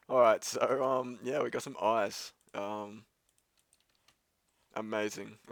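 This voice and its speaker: A male let's play host talks over his game in a loose, wandering stream of commentary. His voice sits on the lower side and sounds dry and close, with no room echo. He fills pauses with ums, swears offhandedly and pokes fun at himself. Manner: rambling and self-mocking, swears casually, many ums. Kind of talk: gameplay commentary.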